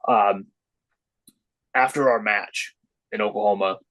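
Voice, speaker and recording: A man's voice: takes it slowly, low-quality recording. A middle-aged man, a wrestler guesting on a podcast, chatting casually and acting out the voices in his stories. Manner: storytelling, acts out quoted voices with lively pitch jumps. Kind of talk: casual chat.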